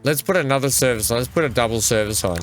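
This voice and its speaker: Over faint background music, this man talks fast at a medium pitch. He's hosting a game playthrough in a chatty let's play style, even addressing the vehicles in the game.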